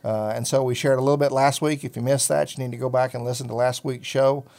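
A man's voice: mid-range voice, fairly even intonation, fast, creaky, a little mellow. A middle-aged man hosting a ministry talk show, telling a personal faith story in a folksy, rambling way with many fillers. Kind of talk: casual storytelling chat.

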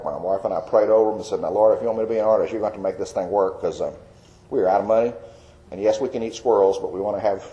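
Here an older Christian artist recounts his faith story in a warm, lowish voice over dull-sounding audio. His folksy, rambling testimony is heavy with filler words.

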